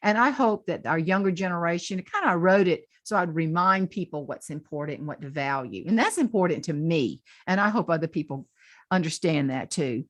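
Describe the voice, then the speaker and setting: A Southern woman from the South Carolina Lowcountry, a humorist and speaker, telling folksy stories in an interview and laughing often. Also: lively intonation, fairly quick, dry recording. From Southern United States. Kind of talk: storytelling interview chat.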